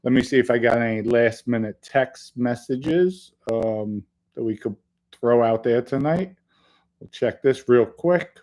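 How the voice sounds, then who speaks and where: A man's voice: medium pitch, measured pace. Joking middle-aged male live-stream host. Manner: loose and joking, with sudden loud bursts. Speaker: podcast host reading live chat. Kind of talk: casual live-stream chat.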